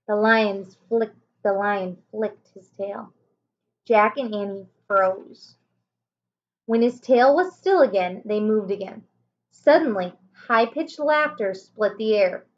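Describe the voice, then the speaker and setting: A woman teacher reading a children's chapter book aloud, slowly and carefully, raising her voice for the children's lines. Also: fairly high pitch, animated, dull audio. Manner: slow, careful reading with small self-corrections. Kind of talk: storybook read-aloud.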